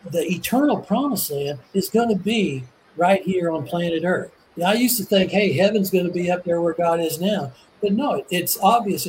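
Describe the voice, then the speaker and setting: A man explaining Bible prophecy in a relaxed conversation, earnest and enthusiastic, often restarting and repeating words. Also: high-pitched, slight background noise, rough recording. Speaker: Bible teacher. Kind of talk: casual religious discussion.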